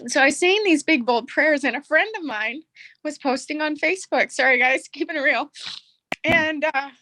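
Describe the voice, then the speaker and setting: A woman's voice: sits high, normal speed, bright, forceful tone. A middle-aged woman giving an emotional, candid personal testimonial as a caller. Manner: earnest, heartfelt, candid.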